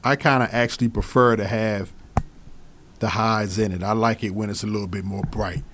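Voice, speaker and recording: A man's voice: on the low side, moderate pace, background noise. A man casually reviewing microphones he switches between, repeating himself and speaking straight to his viewers. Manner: relaxed, repeats phrases, talks straight to viewers. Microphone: studio microphones he switches between.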